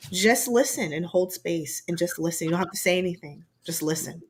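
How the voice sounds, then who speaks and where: A woman's voice: brisk, a little hiss or hum. A woman co-hosting as a counselor and healer, chatting casually and acting out the people she quotes. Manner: animated storyteller, acts out quotes with big jumps in pitch. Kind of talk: casual chat.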